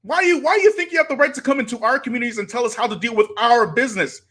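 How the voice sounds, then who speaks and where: A man's voice: very high voice, rapid-fire, fairly bright tone. A man, hosting a live stream and preaching to his audience with rhetorical challenges. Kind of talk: impassioned live-stream commentary.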